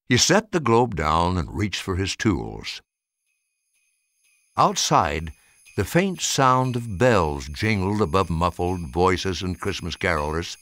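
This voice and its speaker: Elderly man, storybook read-aloud, lowish voice, hugely varied pitch, dry close sound. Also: slow, no echo. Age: 80s. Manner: expressive, sweeping delivery. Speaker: narrator.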